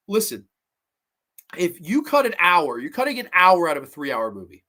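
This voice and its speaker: A man's voice: high-pitched, very animated, moderate pace, sharp tone. A man hosting a horror movie review show, ranting in a profane, heated and sarcastic way. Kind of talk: solo movie review rant.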